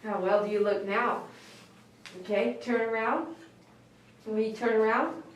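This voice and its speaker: A higher-voiced woman groomer talks slowly and gently to a dog. She sounds set back from the mic in a very echoey room. A faint hum of noise sits under her voice. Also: steady tone. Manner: soft, emotional, coaxing talk to a dog. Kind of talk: live-streamed grooming session. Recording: roomy sound from a distance over faint noise.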